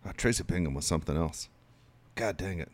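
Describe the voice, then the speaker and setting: A man's voice: deep voice, a little fast. A man co-hosting radio, telling profane stories with frequent laughter in casual banter. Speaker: radio co-host.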